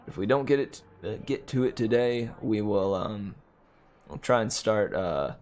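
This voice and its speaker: A man hosting a live stream, chatting casually and rambling with frequent laughs. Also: mid-range voice. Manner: rambling, laughs often, many fillers and restarts. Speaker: streamer and host.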